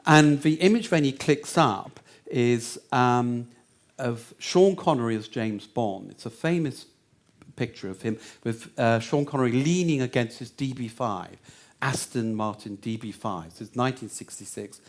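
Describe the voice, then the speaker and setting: A man's voice: mid-range voice, measured pace. A man giving a lecture answer, meandering with many fillers and restarts.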